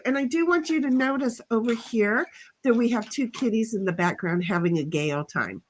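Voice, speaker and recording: Chatty woman co-host with a fairly high voice, jokes around and drawls out viewer comments. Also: brisk. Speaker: co-host of a chat livestream. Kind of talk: casual chat reading out viewer comments. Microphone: desk mic.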